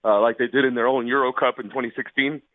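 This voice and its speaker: A man calling in as a sports reporter, giving measured analysis with hesitant fillers over a phone line. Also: mid-range voice, fairly even intonation, no echo.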